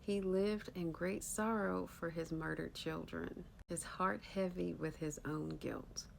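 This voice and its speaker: Gravelly woman telling a spooky folktale. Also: fairly low pitch, steady tone, slow pace, slight background noise, poor audio. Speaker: storyteller.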